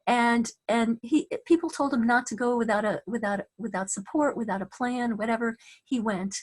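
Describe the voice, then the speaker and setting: A woman tells a story in a relaxed, animated way, often restarting her sentences. Her voice is husky and breathy, set a little high. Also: normal speed. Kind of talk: casual spoken storytelling.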